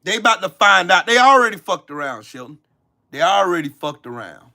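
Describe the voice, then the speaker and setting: A man rants on his live stream, hurling profanity at viewers and calling them out by name. His pitch leaps wildly between loud shouted bursts and low muttered asides. The tone is bright and sharp-edged. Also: big pitch swings, brisk, gravelly. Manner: angry, profane, cussing out viewers. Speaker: livestream host. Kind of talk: live-stream rant answering chat.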